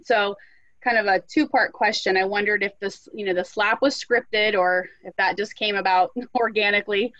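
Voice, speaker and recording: A woman's voice: medium pitch, fairly even intonation, normal speed, a bit bright, no echo. A woman co-host asking a winding two-part question, with "you know" fillers. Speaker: podcast co-host. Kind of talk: interview questions. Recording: dry, dull lo-fi sound.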